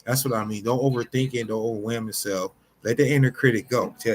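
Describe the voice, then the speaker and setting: A man's voice: mid-range voice, steady tone, fast talker, few pauses, a little hiss or hum. A man speaking directly to his viewers in an unscripted motivational talk, earnest and repetitive, often restarting his sentences. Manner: addresses listeners directly as y'all. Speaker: motivational vlogger.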